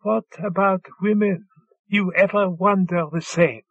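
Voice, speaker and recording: A playful young woman lover with a soft, teasing delivery, as a male narrator puts her on. Her lines come slow and husky. The recording is dull and dry. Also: high-pitched, fairly even intonation, dry recording, voice pushed up, full character voice.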